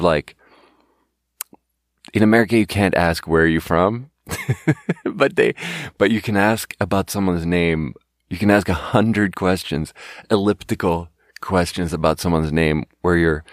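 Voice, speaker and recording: Low-voiced man rambling, dry sound. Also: no echo. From Sweden. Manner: rambling, self-conscious, laughs often mid-sentence. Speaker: podcast host. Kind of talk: casual solo monologue.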